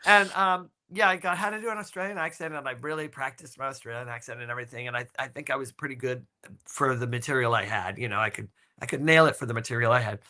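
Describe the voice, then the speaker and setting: Animated, bright-voiced male co-host. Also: mid-range voice, fast talker. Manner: animated storyteller, many restarts. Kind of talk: casual chat.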